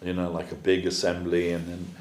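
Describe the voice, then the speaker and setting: A man's voice: low voice, completely flat delivery, a little fast, a little mellow, roomy sound. A man giving a storytelling sermon as a spiritual teacher, conversational with many fillers. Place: temple hall.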